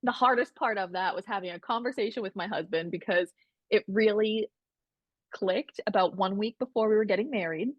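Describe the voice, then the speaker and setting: A woman's voice: mid-range voice, a little fast, no room sound, muffled recording. A woman guest on a podcast, telling her story candidly and animatedly, acting out what others said. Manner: candid, animated, quotes others in shifting voices. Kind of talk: casual storytelling.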